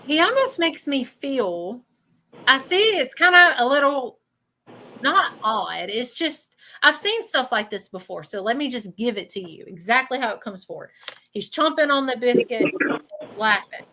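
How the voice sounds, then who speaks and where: A woman's voice: high voice, sing-song, measured pace, sharp tone, poor audio. A woman working as a psychic medium, giving a live reading in a chatty way and checking in with 'okay?'.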